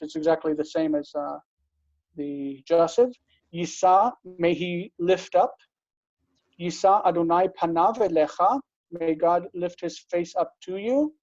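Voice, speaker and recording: Slow, patient man teaching a class. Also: sits high, darkish tone, no room sound, highs cut off. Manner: slow, patient explaining with frequent checks for understanding. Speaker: Biblical Hebrew teacher. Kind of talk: online class lesson.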